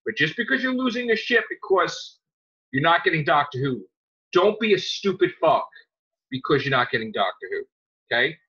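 A man hosting a podcast, ranting angrily with lots of swearing and sudden loud outbursts. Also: a little high, sing-song, normal speed, husky. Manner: heated, profane, jumps to loud outbursts. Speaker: podcast host. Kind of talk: angry podcast rant. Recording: dull lo-fi sound.

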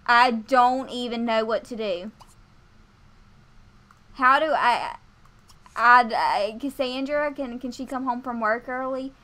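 A young woman commentates a life-sim game, stammering as she panics. Her voice sits a little high, and she keeps turning to her viewers. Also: slow pace, long pauses, sharp tone. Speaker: gaming video host. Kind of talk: let's play commentary.

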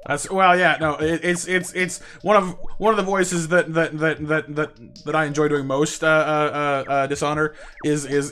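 While live-streaming a game, a man chats with viewers at a moderate pace, tripping over and repeating his words and occasionally letting out excited yelps.

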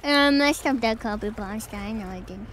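A woman's voice: fairly high pitch, fairly quick, fairly bright tone, a little hiss or hum. A woman streaming a video game, chatting casually in a playful, self-mocking way.

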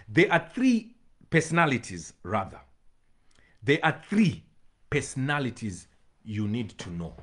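A man preaching a sermon as pastor, swinging between loud shouts and hushed pleading, with bursts of tongues. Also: mid-range voice, big pitch swings, measured pace, long pauses, slightly rough.

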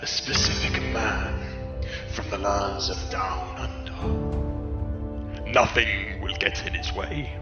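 A man voicing a grave movie-trailer narrator, reading scripted narration with slow dramatic pauses. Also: on the low side, fairly even intonation, highs cut off, pitched below the performer's own voice. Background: loud epic music.

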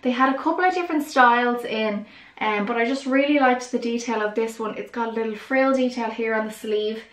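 A young woman talks eagerly to her viewers, gushing over each new piece. Her voice sits a little high, and the room around her is echoey. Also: brisk. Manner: chatty and enthusiastic, lots of "really, really". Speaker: vlogger. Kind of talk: casual haul vlog chat.

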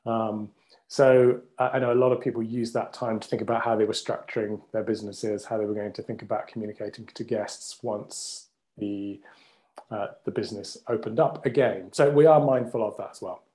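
A man's voice: lowish voice, fairly even intonation, fairly quick, mellow. A man hosting a webinar in an upbeat, jokey way, often restarting his sentences. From United Kingdom. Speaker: company CEO, webinar host.

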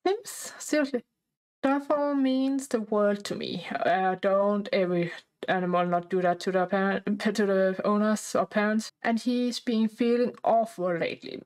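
A woman's voice: mid-range voice, a little mellow, rough recording. Breathless woman chatting through gameplay. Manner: halting, chatty, full of fillers and restarts. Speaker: gameplay narrator. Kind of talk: casual life-sim gameplay commentary.

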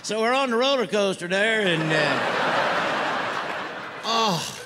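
Folksy comic with a drawl. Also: male voice, high-pitched, slow. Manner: folksy drawl, deadpan storytelling. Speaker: stand-up comedian. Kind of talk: stand-up comedy routine. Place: comedy stage before a live audience. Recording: live stage recording with room noise.

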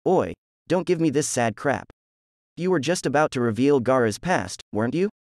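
A man's voice: medium pitch, animated, moderate pace, a little mellow, no room sound, studio quality, lightly acted. A man voicing a rude, lazy teenage boy ninja antihero who talks in a crude, dismissive way. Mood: mocking.

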